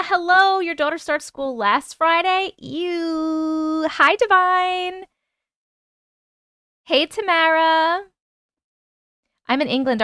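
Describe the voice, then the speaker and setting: A woman's voice: high voice, bright, forceful tone, clean tone, dry recording, studio quality. A woman with a New York accent hosting a casual live stream, chatting and reading viewer comments aloud.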